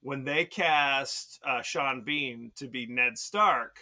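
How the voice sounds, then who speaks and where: A talkative podcast co-host leads the segments in casual chat and laughs often. He speaks slowly, with a medium pitch and a sharp tone.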